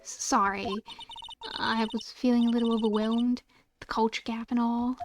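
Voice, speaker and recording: A woman's voice: a little high, little pitch movement, normal speed, faint music behind, close to an everyday voice. A woman voicing a nervous young male defense attorney, hesitant and apologetic, often stammering. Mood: flustered.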